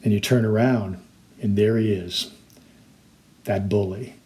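A man's voice: fairly low pitch, fairly even intonation, a little slow, dark tone. A man preaching a sermon as a pastor, earnest and explanatory, now and then acting out the voices in his stories.

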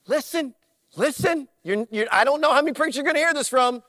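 A man's voice: very high voice, animated, fast talker, bright, forceful tone, no echo, studio quality. A man preaching a sermon in an emphatic, repetitive way, speaking straight to his listeners. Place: church.

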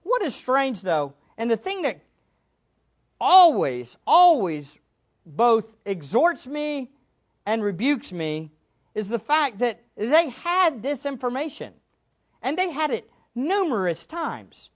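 A high-voiced woman preaching a Bible lesson, her pitch leaping around as she acts out the scenes. The recording is dull and lo-fi. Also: slow pace. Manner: animated, emphatic, laughs and acts out quotes. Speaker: Bible teacher. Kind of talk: sermon.

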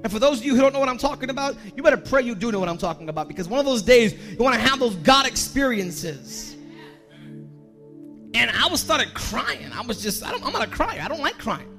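A man preaching a sermon as pastor, emotional and personal, building to a shouted climax with repeated lines. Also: very high voice, sing-song, fairly quick, soft background music.

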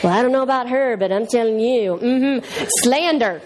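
Woman, high-pitched, animated Bible teacher, faint hiss. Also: moderate pace. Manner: animated storyteller, acts out voices.

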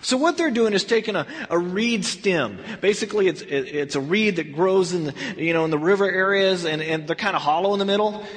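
A man teaching a verse-by-verse Bible study as a sermon, animated and acting out the scenes as he tells them. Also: high-pitched, brisk, few pauses, long reverb tail. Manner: animated storyteller who acts out scenes.

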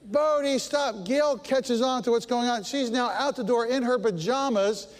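A middle-aged male pastor delivers a sermon with a higher voice than most men, telling stories with lively, self-mocking humor. His voice rings out with a long reverb, as in a large church sanctuary. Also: moderate pace. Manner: storytelling, animated, self-deprecating humor.

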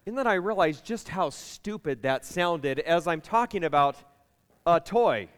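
A man preaching a sermon, a pastor telling lively stories and talking with his congregation. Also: on the high side, unhurried, clear, resonant tone, long reverb tail. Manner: lively, chatty storytelling with the congregation.

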